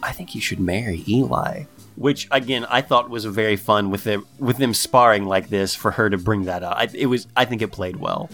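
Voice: medium pitch, moderate pace, hardly any pauses, fairly bright tone, faint music behind. A podcast co-host casually retelling a show's scenes with wry jokes. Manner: wry, jokey storytelling. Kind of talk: casual chat recapping a show.

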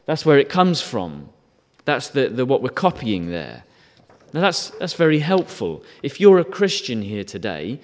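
A man preaching a sermon in a church, his voice sitting at an ordinary middle pitch. He talks in a conversational way, asks his listeners rhetorical questions and briefly acts out short quotes. A long reverb trails every phrase.

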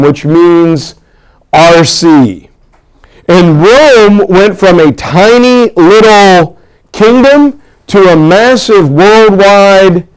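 A man teaching a history class, telling the story with lively asides and acted-out quotes. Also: high-pitched, clear, resonant tone, low-quality recording. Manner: animated storytelling with pop-culture asides. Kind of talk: classroom lecture.

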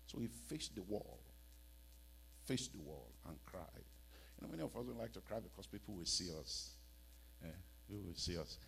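A man with a West African accent preaching a sermon in a church, dramatic and mocking, dropping to a hush and then shouting. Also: fairly low pitch, big pitch swings, normal speed, creaky, a little hiss or hum.

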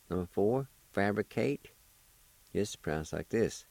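Man, radio language teacher, deep and unhurried, careful spelling and repetition, dry close sound. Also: darkish tone, no echo. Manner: slow, deliberate, spells and repeats syllables.

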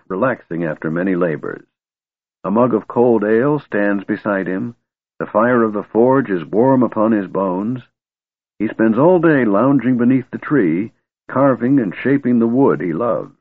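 A man voicing a kindly old wizard who is secretly a god, speaking slowly and gently. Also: lowish voice, breathy edge, no room sound, voice pushed up, heavily acted. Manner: slow, gentle and soothing. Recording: tinny, phone-like and dry.

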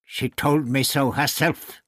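A man voicing a menacing, scheming male high priest who growls and snaps his words. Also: fairly even intonation, slow pace, a bit bright, dry recording, clean studio sound. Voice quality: growling, snapping. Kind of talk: audiobook character reading.

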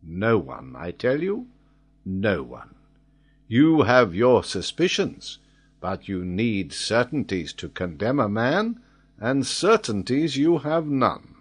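A man reading the part of a stubborn, defiant male quartermaster held prisoner on a ship, in a storybook reading. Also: medium pitch. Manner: defiant and clipped.

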